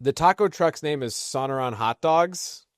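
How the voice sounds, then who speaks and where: A man's voice: fairly high pitch, animated, normal speed, no echo, clean studio sound. A man co-hosting a podcast, telling business stories in casual chat and laughing between points. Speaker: podcast co-host.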